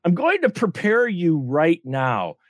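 High animated male podcast co-host. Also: takes it slowly, no echo, studio quality. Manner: animated, emphatic explaining. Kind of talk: casual chat.

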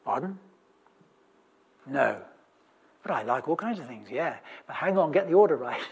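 A preacher with a husky, breathy tone and a middle-range voice delivers a chatty sermon. The delivery is humorous, full of wry asides and questions to the congregation. It is punctuated by restarts and sudden loud bursts of emphasis. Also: mid-range voice, expressive, measured pace, pauses often. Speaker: preacher in a church service.

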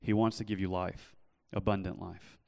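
A young man preaching earnestly in a church, telling his own story and then pleading gently with listeners. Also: low voice, little pitch movement, moderate pace, vocal fry, long reverb tail. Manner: earnest, shifts from loud storytelling to soft pleading. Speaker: pastor. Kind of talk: sermon with personal testimony. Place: church hall.

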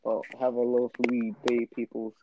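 Give me a chill dude with a mid-range voice wrapping up a podcast, clear hiss behind. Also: male voice, mid-range voice, completely flat delivery, moderate pace. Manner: laid-back, slangy. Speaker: host. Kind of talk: casual podcast chat.

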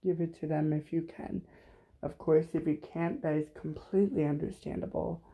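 A man hosting an unplanned solo podcast, talking haltingly with many fillers, emotional and close to tears. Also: fairly high pitch, steady tone, vocal fry, lo-fi sound. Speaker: podcast host.

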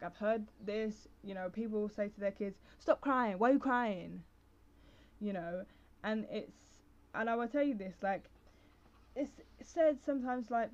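A young adult woman talks casually on her solo podcast, rambling and restarting her thoughts with plenty of fillers. Her voice sits at a middle pitch. The recording is a little dull and lo-fi. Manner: rambling, full of fillers and self-interruptions. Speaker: podcast host.

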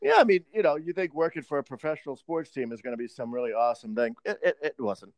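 A man's voice: on the high side, animated, fast, no room sound. A man co-hosting a podcast, telling a profane work story in casual chat.

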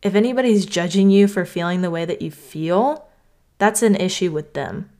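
Young woman hosting a solo podcast, kinda low voice, earnest and chatty, lots of "like". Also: moderate pace, darkish tone. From North Carolina. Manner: earnest, conversational, heavy use of "like". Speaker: podcast host. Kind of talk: reflective solo podcast talk.

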